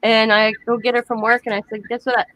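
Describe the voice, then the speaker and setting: A middle-aged woman hosting a crafting live stream, chatting and telling stories in a lively, animated way. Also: a little high, brisk, no room sound, poor audio. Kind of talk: casual chat while crafting.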